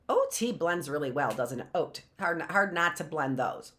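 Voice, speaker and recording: A woman teaching a phonics lesson, sounding out words slowly and repeating them, with playful asides. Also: lowish voice, lively intonation. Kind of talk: phonics lesson for live online class.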